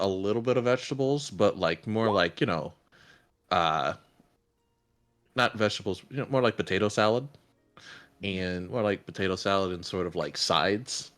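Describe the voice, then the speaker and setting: A man with a very deep voice talks as a player at a tabletop game. His speech is casual and halting, and he falls back on fillers as he works out his thoughts. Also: fairly bright tone.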